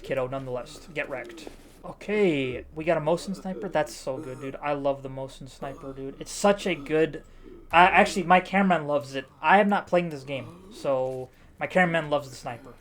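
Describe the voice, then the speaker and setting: Guy reviewing a game while he plays, goofy and animated, yelling at his pretend cameraman. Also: a little high. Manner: jokey, animated, bossing an imaginary cameraman. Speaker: gaming YouTuber reviewing a game. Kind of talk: casual game review with live gameplay commentary.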